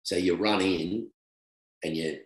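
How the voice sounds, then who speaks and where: A middle-aged man with an Australian accent, a former cricketer telling stories in a relaxed, animated chat with laughter. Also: low-pitched, takes it slowly. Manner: animated anecdote telling with laughter, swings between loud and hushed. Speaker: guest, former professional cricketer. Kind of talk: casual storytelling chat. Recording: roomy echo.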